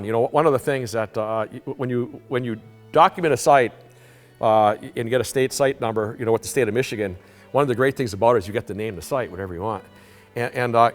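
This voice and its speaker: A man giving a conference talk, telling a story in an animated way, halting often with restarts and repeated words. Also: mid-range voice. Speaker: conference presenter. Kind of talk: storytelling lecture. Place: conference hall. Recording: long hall reverb, faint music.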